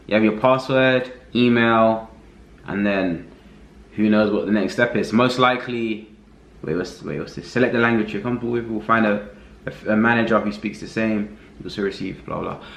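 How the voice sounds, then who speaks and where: A man with a somewhat low voice talks through a screen-recorded review in a relaxed, unhurried way. He thinks aloud as he goes, with plenty of fillers and small restarts. His voice carries a roomy echo. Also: creaky. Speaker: affiliate marketing reviewer. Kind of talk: casual screen-recorded walkthrough.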